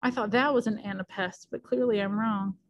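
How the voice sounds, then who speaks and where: A woman's voice: mid-range voice, fairly even intonation, fairly quick, dull audio. A woman teacher giving a casual recorded lecture, chatty and thinking aloud with many fillers.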